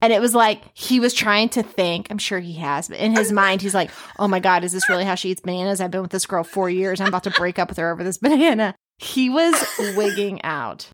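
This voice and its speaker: Animated woman telling a funny story. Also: medium pitch, brisk, few pauses. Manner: animated storyteller, acts out quotes. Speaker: podcast co-host. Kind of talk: casual chat.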